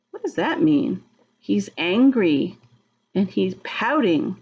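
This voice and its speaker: Woman, storytime reader for young kids; slow, gentle, asks questions; muffled lo-fi sound. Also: medium pitch, very animated, gravelly, slightly rough. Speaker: early-childhood reader. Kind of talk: reading a picture book aloud to young children.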